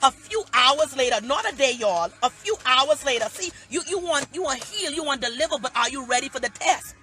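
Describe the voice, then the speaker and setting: A pastor preaches live into a phone. The voice sits high and sounds bright and forceful. The delivery is emphatic and full of repeated lines, with faint music underneath. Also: animated, brisk. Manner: emphatic, repetitive, dialect-heavy preaching. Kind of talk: impassioned preaching on a phone livestream. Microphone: phone livestream.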